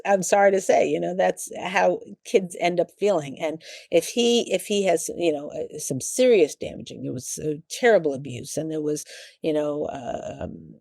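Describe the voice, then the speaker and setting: Talk show host, woman, warm mellow tone, dry close sound, chatty and meandering. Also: fairly low pitch, lively intonation, no room sound. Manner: rambling, halting, acts out quoted lines. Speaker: talk show host giving marriage advice. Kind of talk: casual advice talk.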